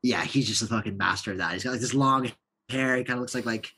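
A man in his thirties with a slightly husky voice talks through a casual podcast interview as a coaching client. He rambles in a relaxed way and leans on filler words. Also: medium pitch, quick pace. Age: 30s.

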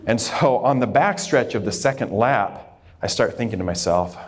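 Man, fairly deep voice, informal talk to students, reflective, some fillers and restarts. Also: normal speed. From Idaho, USA. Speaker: dermatologist speaking to students.

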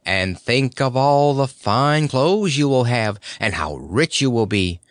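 A man voicing young Dorothy, a kind and earnest girl, in a raised gentle voice. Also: medium pitch, animated, takes it slowly, dry recording, clean studio sound.

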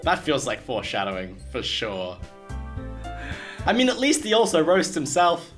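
A young man streaming a game, reacting with animated, sarcastic, slangy comments and frequent laughter. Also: a little high, normal speed, faint music behind. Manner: laughs often. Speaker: gaming streamer. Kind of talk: let's play commentary.

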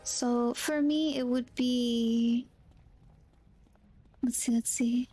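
Brief: high-pitched woman with a Southern US accent, unhurried, playful game streamer. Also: steady tone, dark tone, soft background music. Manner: playful, giggly, musing aloud. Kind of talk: casual live-stream game commentary.

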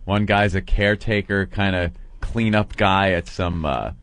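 A man hosting a radio show, telling animated stories in casual banter and mimicking people as he goes, from a studio microphone. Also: low voice, measured pace, slight background noise. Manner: animated storyteller, mimics people mid-story.

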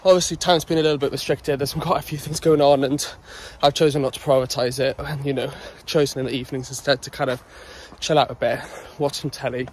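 A man's voice: mid-range voice, steady tone, fast, few pauses, a little hiss or hum. A man vlogging on a dog walk, rambling casually and a bit out of breath as he jogs. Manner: rambling, chatty, talking while jogging. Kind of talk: casual vlog chat.

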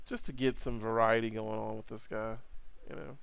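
A man giving a casual, rambling software tutorial over his screen, correcting himself and adding jokey asides. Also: fairly low pitch, little pitch movement, brisk, creaky, clean tone, no room sound.

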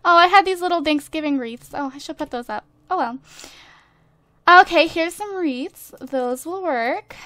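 This high-pitched, fairly bright woman talks at a moderate pace with no room sound. As a gaming YouTuber doing casual let's-play commentary of a life-simulation game on a desk USB mic, she's bubbly, chatty, gushing and quick to laugh.

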